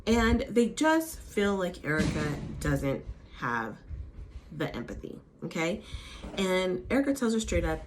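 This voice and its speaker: A woman's voice: lowish voice, sing-song, measured pace, slight background noise. A woman vlogger recapping a reality show in casual, gossipy chat. Her voice swoops up and down with animation. She reacts freely as she goes. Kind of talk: casual chatty recap with impressions.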